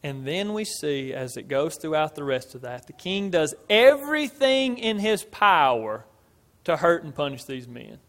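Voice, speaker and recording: Pastor, male, high voice, emphatic delivery, loud-soft swings, reverberant hall. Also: big pitch swings, unhurried. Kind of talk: sermon.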